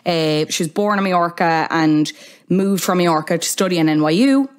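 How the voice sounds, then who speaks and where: A woman's voice: fairly low pitch, moderate pace. Chatty Irish woman hosting a podcast. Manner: chatty and wry, with asides. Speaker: podcast host. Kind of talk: casual podcast monologue.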